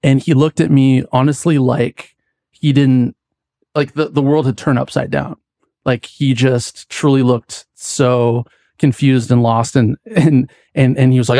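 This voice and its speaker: Man, mid-pitched voice, casual rambling storytelling, podcast guest, dry close recording. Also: fairly even intonation, a little slow, warm tone, no echo. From United States. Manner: rambling, many likes and restarts.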